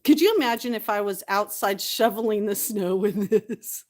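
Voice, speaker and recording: A woman's voice: medium pitch, normal speed, a little mellow. A woman vlogger chatting casually to the camera, tearful at times and laughing often between lines.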